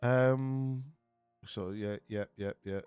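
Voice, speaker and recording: A man's voice: on the low side, fairly even intonation, takes it slowly, a little mellow, clean tone, no room sound, soft background music. A man chatting with his stream viewers, friendly and rambling, with lots of fillers and restarts. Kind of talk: casual chat.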